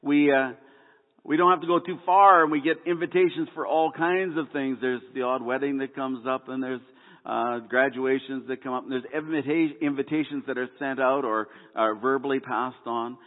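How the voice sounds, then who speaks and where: A man gives a sermon in a folksy, joke-telling way, often stumbling into fillers and restarts. His voice sits at an ordinary middle pitch. It comes through a tinny, phone-like line with a long hall echo behind it. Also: fairly even intonation, normal speed. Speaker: pastor.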